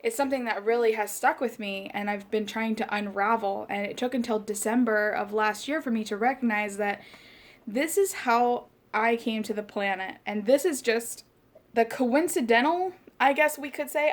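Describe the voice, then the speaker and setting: A woman in her late twenties hosting a podcast. She talks in a rambling, passionate, casual way, with lots of "like" fillers and quick bursts. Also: a little high. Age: late 20s. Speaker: podcast host. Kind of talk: casual life chat.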